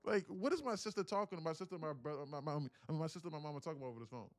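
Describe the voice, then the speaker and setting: Man on a trading live-stream, fairly high voice, dry close sound, soft music behind, rambling and profane. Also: racing, dry recording. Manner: animated, profane storytelling; rambling with frequent restarts. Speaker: day trader live-streaming.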